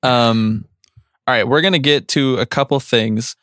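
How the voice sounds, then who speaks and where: A man's voice: mid-range voice, steady tone, measured pace, fairly bright tone, no room sound, clean studio sound. A young man with a Philadelphia accent co-hosting a podcast, joking and self-mocking in casual chat. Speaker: podcast co-host.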